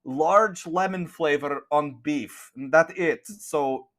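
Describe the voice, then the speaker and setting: A man voicing a gruff, bossy nun cook in a tabletop game, speaking in curt, clipped broken phrases. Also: fairly high pitch, slow, a bit bright. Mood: impatient.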